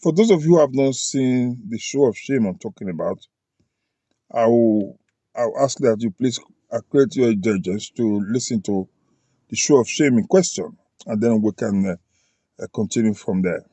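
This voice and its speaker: A man's voice: mid-range voice, mellow, no echo. Emphatic Nigerian political commentator, man. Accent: Nigerian, with Pidgin phrases. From Edo State, Nigeria. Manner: emphatic, addresses listeners directly, fills pauses with "uh". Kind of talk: opinionated political commentary to camera.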